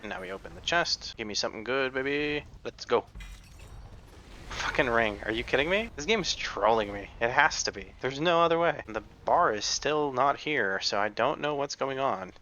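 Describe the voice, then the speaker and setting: A man's voice: mid-range voice, animated, normal speed, bright, forceful tone, a little hiss or hum. A man giving casual, joking commentary over his own gameplay, swearing freely and laughing often. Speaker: gaming video creator.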